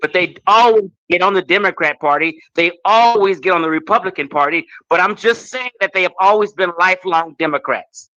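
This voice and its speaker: Bright, high-voiced man arguing back. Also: a little fast, few pauses, no echo, dull audio. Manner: reads from sources, then swears angrily. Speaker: podcast guest. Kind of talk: heated live podcast debate.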